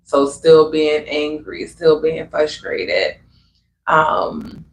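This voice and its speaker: A man speaking unhurriedly with a somewhat raised pitch, sharing spiritual reflections in an earnest, conversational way. His voice rings in an echoey room with a faint hum of ambience behind it. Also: flat delivery, drawn-out words, vocal fry. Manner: earnest and conversational, fillers like "you know what I'm saying". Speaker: livestream host.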